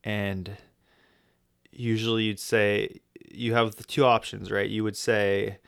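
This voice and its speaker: A man's voice: fairly low pitch, flat delivery, takes it slowly, creaky, a bit bright, smooth. An American man talking in a casual travel vlog, rambling and joking with many restarts. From United States. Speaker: travel vlogger.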